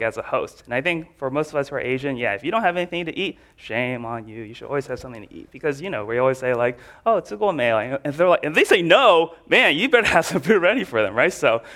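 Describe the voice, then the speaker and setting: A man's voice: medium pitch, animated, quick pace, fairly bright tone. A man preaching a casual sermon, telling stories in a chatty way with lots of filler words.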